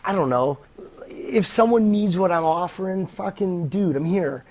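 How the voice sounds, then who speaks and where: A man's voice: high voice, a little slow, darkish tone. A man hosting a podcast, talking in a rambling, profane and blunt casual monologue. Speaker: podcast host.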